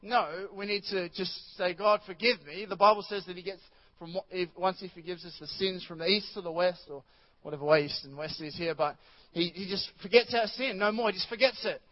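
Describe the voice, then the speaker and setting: A man's voice: sits high, brisk, muffled recording. A male pastor preaching a chatty sermon in church, rambling with many restarts and asides to the congregation.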